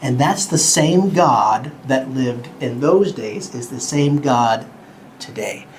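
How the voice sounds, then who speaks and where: A man teaching a Bible lesson to children at home, talking slowly and simply, a bit cartoonish, and asking the kids questions. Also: medium pitch, animated, a little mellow, slight background noise, poor audio.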